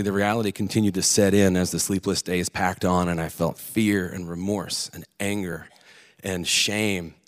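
Low-voiced guy telling a personal story on stage, earnest, stops and restarts a bit. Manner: earnest, candid, with halting restarts. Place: theater stage.

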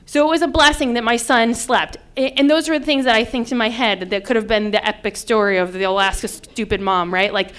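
A woman in her thirties from upstate New York tells a personal story with a fairly high, smooth and clear voice. She talks casually and lively, and she acts out what people said with loud, high bursts. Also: fairly quick, hardly any pauses. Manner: animated, acts out quotes loudly.

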